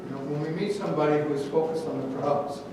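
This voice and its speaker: A man's voice: a little high, quick pace, far from the mic, noisy background. A male pastor preaching a sermon in a conversational way, telling stories with light humor. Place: church sanctuary. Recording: echoey church hall from afar.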